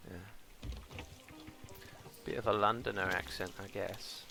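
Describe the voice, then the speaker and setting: A man's voice: mid-range voice, unhurried, vocal fry, over music. A middle-aged British man chatting casually as he streams a game, rambling and talking to the characters on screen. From Britain. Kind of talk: casual live-stream commentary.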